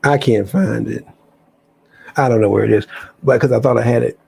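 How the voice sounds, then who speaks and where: A man hosts a casual spiritual livestream in a mellow, dark voice with a gravelly, husky texture. He talks enthusiastically and rambles, often breaking off and restarting his sentences. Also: medium pitch, moderate pace. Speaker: livestream host.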